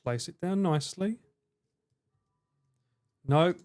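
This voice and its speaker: An Essex man in his forties livestreams a game, chatting as he plays with a high, expressive voice at a slow pace. He swears, jokes and laughs a lot, with game music and other background noise behind him.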